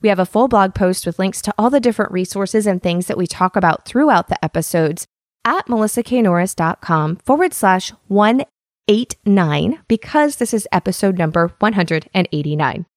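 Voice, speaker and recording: A woman's voice: medium pitch, animated, normal speed, no room sound. Chatty, enthusiastic woman podcast host. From Washington State. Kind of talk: casual podcast talk.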